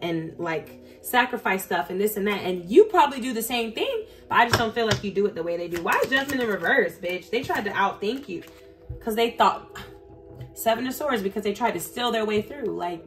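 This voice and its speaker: A woman's voice: medium pitch, lively intonation, moderate pace. A woman giving a casual tarot reading, talking bluntly and profanely straight to her viewers and getting heated as she goes. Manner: gets heated and emphatic. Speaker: tarot reader. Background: faint background music.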